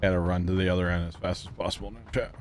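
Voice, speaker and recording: A man's voice: sits low, monotone, racing, a little mellow, slight background noise. A man livestreaming a game, chatting casually with his viewers in a rambling way, thanking them and laughing easily. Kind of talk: casual gaming livestream chat.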